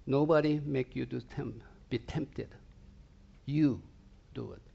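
A man preaching a sermon in a slow, deliberate cadence, his fairly high voice roughened by a gravelly edge. He is emphatic and direct, and he often checks in with the congregation through rhetorical questions. The recording sounds dull and lo-fi. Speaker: pastor.

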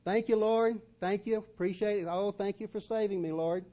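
A man's voice: high voice, steady tone, normal speed, dark tone, muffled recording, voice pushed up, natural voice. A man putting on an anxious praying believer. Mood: grateful.

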